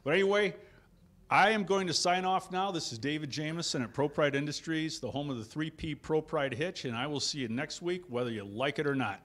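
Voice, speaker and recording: Male host, upbeat and rambling, fond of dad jokes, voice a bit high. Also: a little fast, fairly bright tone. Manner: jokey, laughs often, rambling asides. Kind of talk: casual chat.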